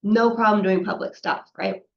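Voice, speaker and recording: A woman's voice: mid-range voice, fairly even intonation, moderate pace, creaky, lo-fi sound. A woman giving a professional webinar presentation, talking conversationally, often checking in with "right?" and acting out quoted exchanges.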